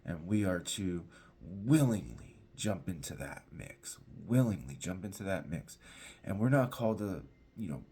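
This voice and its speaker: A pastor teaching an informal devotional, talking conversationally with restarts and emphatic repetition. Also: male voice, low-pitched, big pitch swings, measured pace, warm tone, a little hiss or hum.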